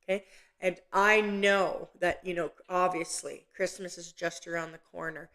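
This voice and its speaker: A woman hosting a live psychic medium session, talking gently and haltingly with many pauses and restarts. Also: lowish voice, fairly even intonation. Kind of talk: live online reading.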